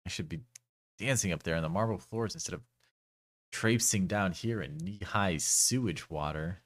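A man's voice: low voice, moderate pace, close to an everyday voice. A man reading the lines of a sarcastic, haughty young female thief in a video game.

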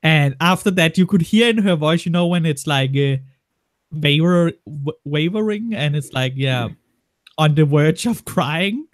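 A man's voice: fairly high pitch, a little slow, no echo, clean studio sound. A man in his late twenties, a guest on a livestream, telling stories bluntly with lots of swearing. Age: 20s. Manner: blunt, crude, swearing storyteller. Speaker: guest on a stream. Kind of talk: casual banter on a livestream.

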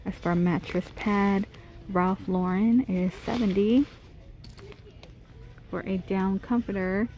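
A woman's voice: mid-range voice, mellow. A woman vlogging a casual shopping walkthrough in a big store, chatting about prices and gushing over cute items as she films on her phone. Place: inside a large retail store.

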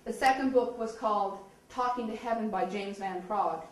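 A woman giving a lively storytelling speech, often laughing and acting out the voices of people in her story. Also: medium pitch, normal speed. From eastern Canada. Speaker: speaker telling her story. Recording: echoey hall, distant mic.

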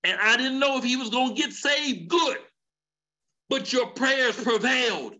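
A middle-aged man preaches to a men's gathering, his voice sitting high with a bright, ringing edge. His fervent preaching cadence keeps climbing into shouts. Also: unhurried. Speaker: elder teaching a men's session. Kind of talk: sermon.

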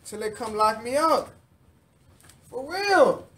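A man's voice: very high-pitched, lively intonation, slow, fairly bright tone, recorded from a distance. A man teaching the Bible to a live group in a fervent sermon, repeating lines and drawing the listeners into call-and-response.

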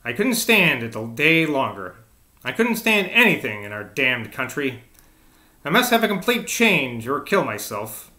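A man's voice: medium pitch, very animated, a little slow, pushed and bright, full character voice. A man voicing a bold, restless young woman's letter in a storybook reading, dramatic and impatient. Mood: impetuous.

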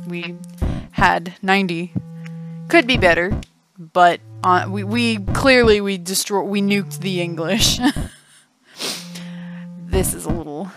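A woman hosting a casual let's play, chatty, laughing often and thinking aloud. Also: on the low side. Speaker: gaming channel host. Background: game music.

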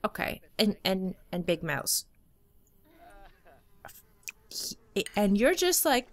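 A woman's voice: mid-range voice, big pitch swings, slow, pauses often, a little hiss or hum. A young woman giving casual gameplay commentary, chatty, talking to and scolding the game characters as she plays. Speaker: let's play host.

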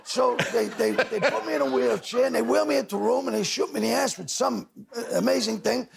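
An older man, a talk show guest telling loud rapid anecdotes and acting out other people's lines. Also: extremely high pitch, gravelly, a crowd in the background. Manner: loud rapid storyteller, doing voices of others. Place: TV studio with audience.

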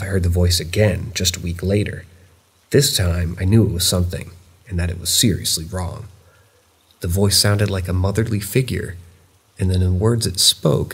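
Low, husky male narrator for scripted horror reads, measured and steady. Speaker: narrator of viewer-submitted stories.

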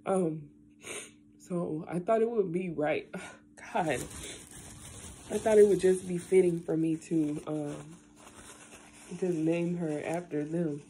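A young woman talking casually into her camera at home, rambling and tearful, with lots of halting fillers. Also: lowish voice, steady tone, dark tone, a little hiss or hum. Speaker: vlogger. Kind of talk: casual vlog, emotional talk then unboxing.

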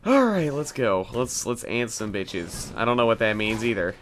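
A man's voice: lowish voice, sing-song, a bit bright, a little hiss or hum. A young man casually commenting on his own gameplay, cursing, joking and mocking himself, with bursts of mock panic. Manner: jokey, profane, self-mocking, quick bursts of panic. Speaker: gaming video host. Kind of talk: casual let's play commentary.

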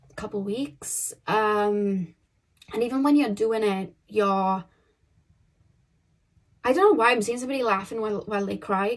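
A woman reads tarot for an online audience in a loose, chatty way. She fills her sentences with fillers, restarts her thoughts and speaks straight to the viewers as "you guys". Her pitch sits in an ordinary middle range. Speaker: tarot card reader. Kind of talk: casual pick-a-card tarot reading.

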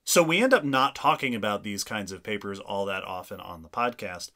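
A man co-hosting a science podcast, explaining research studies in a clear, measured way. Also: on the low side, animated, bright, forceful tone. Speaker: podcast co-host. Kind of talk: casual science podcast chat.

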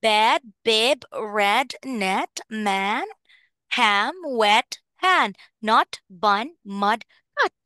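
A woman teaching a young child phonics in an online lesson, encouraging and clearly enunciated. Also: on the high side, expressive, very slow, pushed and bright, dry recording, clean studio sound. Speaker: English teacher.

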